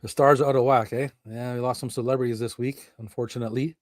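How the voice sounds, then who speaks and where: A man's voice: mid-range voice, steady tone, fast, no echo. A man hosting a casual live-streamed chat over a remote mic, swearing often and laughing, exasperated at glitches. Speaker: podcast host. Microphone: remote video-call stream mic.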